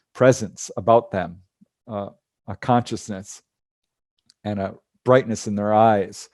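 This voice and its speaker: A man giving a casual talk over a video call, telling personal stories with lively acted-out dialogue and small laughs. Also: mid-range voice, dry recording, clean studio sound. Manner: animated storytelling, acts out quoted dialogue with laughs. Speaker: speaker on out-of-body travel.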